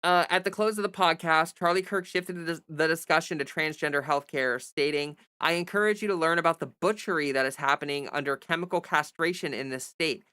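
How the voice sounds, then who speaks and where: A woman's voice: low voice, fairly quick, few pauses, sharp tone, clear, resonant tone, dry recording, clean studio sound. A young woman hosting a livestream, reading a news article aloud and breaking off into exasperated, sarcastic commentary. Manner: reads news text, then breaks off into exasperated sarcastic asides.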